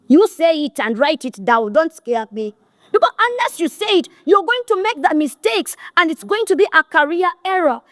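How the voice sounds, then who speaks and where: Ugandan woman, middle-aged, high-pitched, dry close sound, blunt exhorting motivational talk. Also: a bit bright, dry recording. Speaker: motivational speaker.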